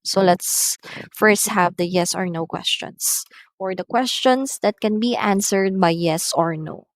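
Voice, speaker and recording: A woman's voice: mid-range voice, unhurried, no room sound. A woman English teacher giving a recorded lesson on intonation and reading numbered example sentences aloud. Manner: says "so" at the start of many lines.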